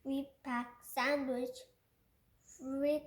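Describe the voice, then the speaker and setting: Reading a children's picture book in an echoey room, a Korean-native woman goes very slowly and haltingly, carefully restarting words. Her slightly high voice shows little pitch movement.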